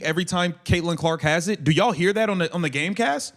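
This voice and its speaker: A man with a high, light voice calls the action on his livestream. He fires off quick, clipped play calls, then turns brash and mocking, swearing and laughing at the players. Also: a bit bright. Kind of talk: casual play-by-play commentary.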